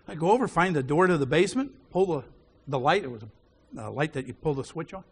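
A man's voice: fairly high pitch, animated, brisk, husky. A man preaching a sermon, telling a personal story with frequent chuckles. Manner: chuckles often while telling stories.

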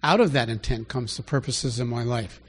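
A man preaching a conversational Bible teaching, asking rhetorical questions and rising in pitch to stress his points. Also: normal speed, slightly rough. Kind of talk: sermon teaching.

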